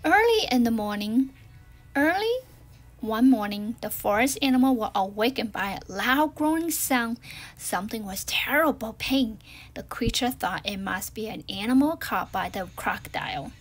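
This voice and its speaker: Brief: woman reading a children's story aloud, expressive, fairly high voice, loud then hushed. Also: moderate pace. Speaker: storybook reader.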